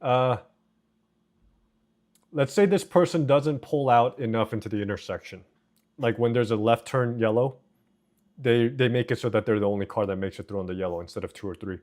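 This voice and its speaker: A man's voice: mid-range voice, normal speed, pauses often, a little mellow. A man streaming live, reading his chat aloud and bantering with his viewers in a joking way. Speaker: livestreamer. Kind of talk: casual livestream chat.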